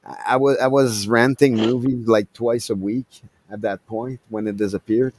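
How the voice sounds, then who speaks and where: A man's voice: mid-range voice, steady tone, moderate pace, a little mellow, slight background noise. A man from Quebec chatting casually on a video call, rambling with stammering restarts. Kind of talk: casual group chat over a call.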